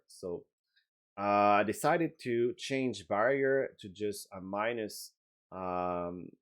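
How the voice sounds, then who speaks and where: A man with a French accent, a game designer giving a casual update video, talking hesitantly with many fillers and restarts. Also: fairly low pitch.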